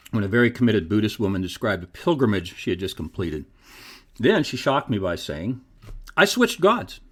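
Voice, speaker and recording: On his own podcast, a male host reads from a script with the fervor of a preacher. His emphatic commentary rises and falls sharply in pitch.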